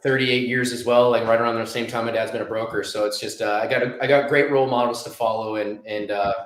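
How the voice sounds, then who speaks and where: A man's voice: medium pitch, steady tone, fast talker, roomy sound, low-quality recording. A man in his thirties telling a personal story as an interview guest, rambling with many restarts and fillers.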